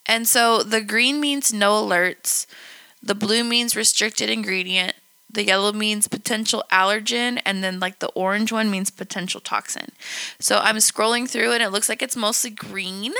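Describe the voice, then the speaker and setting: Gravelly-voiced young woman podcast co-host. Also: medium pitch, steady tone, normal speed, pushed and bright, no room sound. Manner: chatty, swears casually. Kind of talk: casual podcast chat.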